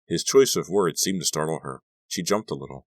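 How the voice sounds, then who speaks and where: A man narrating a young adult horror novel in a measured reading. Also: extremely low pitch, animated, no room sound, clean studio sound. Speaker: audiobook narrator. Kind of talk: scripted narration.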